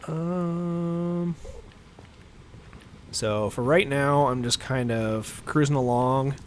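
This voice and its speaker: A man with a deep voice chatting casually while he plays a game on a livestream, rambling and filler-heavy, often chuckling. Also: drawn-out words, slight background noise. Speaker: livestream gamer. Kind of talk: casual gameplay chat.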